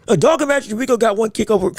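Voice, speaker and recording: A man hosting a casual boxing podcast. He talks in an animated way, laughs a lot and often repeats his words. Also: very high-pitched, fast, dry recording. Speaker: podcast host.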